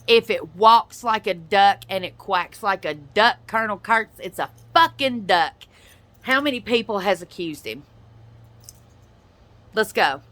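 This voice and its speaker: A woman's voice: medium pitch, expressive, a little slow, a bit bright. A woman ranting straight at another person in a blunt, profane, confrontational reaction video. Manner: addresses another person directly. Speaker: YouTuber and podcaster. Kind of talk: angry reaction rant.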